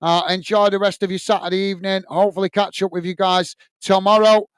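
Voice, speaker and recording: English male streamer, high, crisp tone, casual filler-heavy chat, dry close sound. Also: level tone, quick pace, no room sound. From England. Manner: chatty, repeats "mate", many "uh" fillers. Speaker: host of a football watch-along stream. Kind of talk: casual live-stream sign-off, reading viewer comments.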